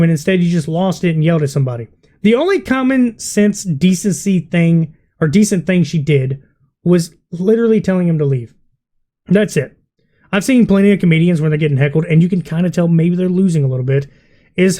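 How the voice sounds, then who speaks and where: A man's voice: high-pitched, animated, fairly quick, mellow. A man giving blunt, exasperated commentary on a video, swearing freely as he rants. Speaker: vlogger reacting to a video. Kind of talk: ranting commentary.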